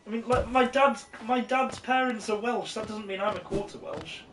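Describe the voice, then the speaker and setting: A woman's voice: on the high side, normal speed, slight background noise. A woman co-hosting a game stream in casual chat, giggly and fond of cute creatures. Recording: echoey room, far mic, game music.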